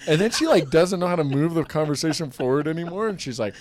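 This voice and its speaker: Lively man telling a bar story. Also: fairly high pitch, quick pace. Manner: animated storyteller, acts out quotes with laughter. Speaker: podcast co-host. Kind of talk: casual chat.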